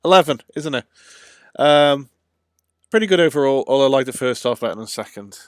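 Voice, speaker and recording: A man's voice: mid-range voice, lively intonation, fairly quick, smooth, no echo, studio quality. A man streaming a video game live, chatting in a loose, rambling way with frequent ums and uhs. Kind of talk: casual let's-play livestream commentary.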